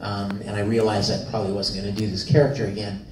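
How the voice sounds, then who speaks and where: A middle-aged man telling lively stories at a convention panel, laughing often and acting out quotes in high voices. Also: quick pace. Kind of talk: storytelling to a live audience. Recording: echoey hall from far off, faint noise.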